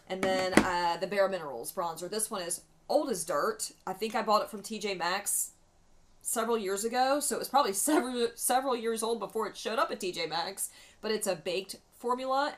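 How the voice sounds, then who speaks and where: A young adult woman, a beauty vlogger, chats candidly while doing her makeup in a get-ready-with-me video, swearing freely as she tells a story. Her voice is medium-pitched and fairly bright.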